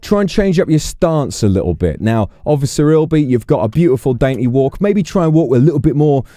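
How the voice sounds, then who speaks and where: A man's voice: on the high side, very animated, fairly quick, dark tone, dry recording. A man streaming a game, playing a police chief in role-play with a polite, encouraging, commanding manner.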